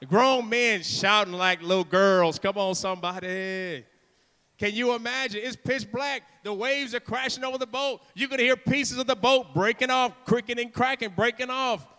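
A man preaching in a church with a high, bright, cutting voice, theatrical and full of fervor. He acts out the story and keeps urging the congregation on, and his words ring out with a long reverb through the hall. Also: moderate pace, smooth. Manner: urges the congregation with repeated calls. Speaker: guest preacher. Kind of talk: sermon. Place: church sanctuary.

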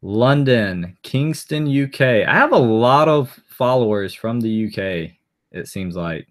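A man's voice: medium pitch, expressive, measured pace. A man chatting casually on a live stream, rambling and answering viewer comments aloud as he goes.

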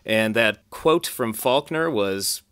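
A man's voice: on the low side, expressive, slow pace, fairly bright tone, slight background noise. A man co-hosting a podcast interview, enthusiastic and a little stumbling as he talks. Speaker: podcast co-host.

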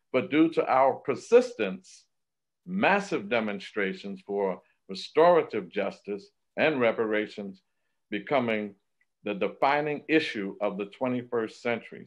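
A man's voice: mid-range voice, fairly bright tone. A man speaks with emphatic, declamatory passion, testifying as a state assembly member. His mid-range voice comes through a muffled, lo-fi remote call feed. He punches key phrases with rising force. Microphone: remote video call. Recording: dull lo-fi remote call audio.

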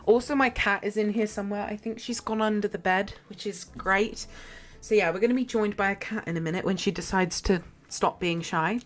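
A woman's voice: medium pitch, a little fast, soft background music. A young woman livestreaming a game from her bedroom, chatting casually and giggling as she plays. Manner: chatty, giggly, talks to herself while playing. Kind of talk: casual gameplay chat. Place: home bedroom.

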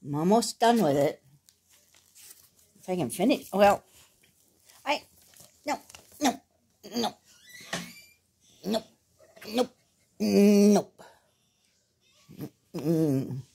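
A woman's voice: mid-range voice, very animated, extremely slow, creaky, long pauses, warm tone, slightly rough. A woman reading a bedtime picture book aloud at home, stopping for chatty asides to her dog. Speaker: reader of a children's picture book.

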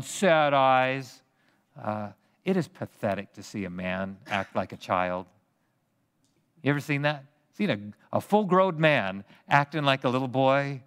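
A male pastor preaches in a lively, conversational way, trading jokes and questions with his listeners. His pitch climbs and dips freely as he talks. A long reverb hangs over his voice in the church. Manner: animated, conversational, joking with the congregation. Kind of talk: expository sermon. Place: church sanctuary.

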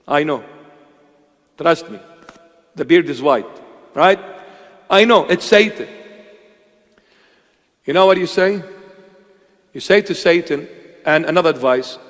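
A man preaching a sermon with impassioned, emphatic delivery, sometimes acting out voices. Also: a little high. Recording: long hall reverb.

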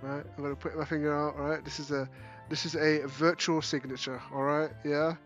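Northern english guy messing around in vr, high bright voice, swears a lot, keeps saying yeah?. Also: level tone, normal speed, soft background music. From northern England. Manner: joking, swearing, tag questions like "yeah?". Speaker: host. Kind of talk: casual gaming banter.

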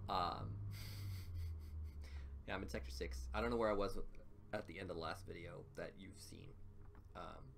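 Creaky-voiced man narrating his gameplay. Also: sits low, a little hiss or hum. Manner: chatty, gets loud and excited during fights. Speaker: gaming channel host. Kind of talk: let's play commentary. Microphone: desktop mic with face cam. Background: game music.

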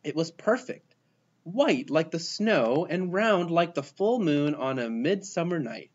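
Lively man reading a picture book. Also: on the high side, a little slow, slightly rough, muffled recording. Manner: lively, expressive reading with voiced characters. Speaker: storybook reader. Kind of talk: children's picture book read-aloud.

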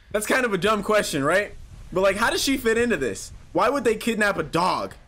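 A man's voice: high-pitched, very animated, moderate pace. A man giving horror game commentary, talking to himself, swearing, and yelping when startled. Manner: jumpy, talks to himself, swears, yelps and shouts when startled. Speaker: gaming YouTuber.

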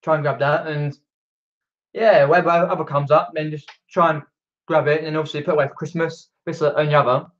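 This British man keeps a brisk pace and a slightly high, fairly flat pitch while reading viewer comments on his home live stream, rambling with many fillers and restarts. He's downstairs indoors, picked up by a camera mic that loses the high end.

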